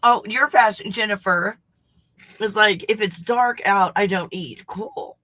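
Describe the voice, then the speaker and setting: A woman's voice: mid-range voice, unhurried, bright, forceful tone. A woman hosting a casual livestream chat, snacking, reacting to viewer comments and swearing freely. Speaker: host.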